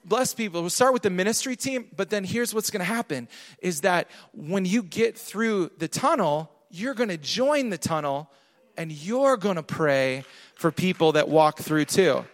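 A man with a fairly high voice delivers an animated sermon at normal speed in a church hall with long reverb. He alternates between soft, intimate urging and loud, emphatic declarations.

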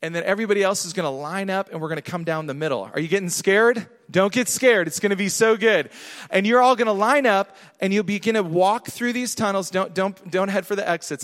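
A man preaching a sermon to a church gathering, moving from quiet, intimate urging to loud, emphatic declarations. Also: high-pitched. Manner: impassioned, swings from soft to loud emphatic declarations. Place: church hall. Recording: reverberant hall.

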